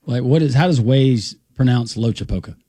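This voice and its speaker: A man's voice: mid-range voice, moderate pace, dark tone, dry recording, studio quality. A man hosting a radio talk show, trading easygoing, wry banter with his co-host and callers.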